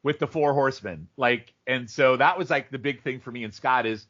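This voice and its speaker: A man co-hosting a podcast, telling stories in animated, rambling casual chat and jumping into goofy impressions. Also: medium pitch, brisk. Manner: animated storyteller, mimics people in funny voices. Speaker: podcast co-host. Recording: dull lo-fi audio.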